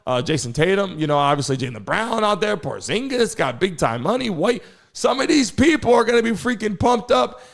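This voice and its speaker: A man hosting a live sports news show, talking casually and excitably, throwing rhetorical questions to his chat. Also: high voice, a little fast, vocal fry. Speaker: host.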